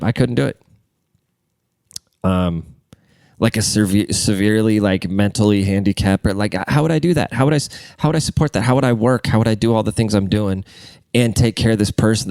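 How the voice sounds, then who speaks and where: The gravelly, fairly low voice belongs to a young man ranting alone on his podcast, congested and crude. His rambling shifts between loud and muttered, and the audio has no echo.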